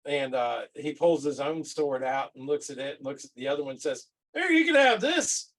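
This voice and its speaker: A man's voice: mid-range voice, little pitch movement, fairly quick, a little mellow, poor audio. A man playing a tabletop game, joking and describing his character's actions. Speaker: player.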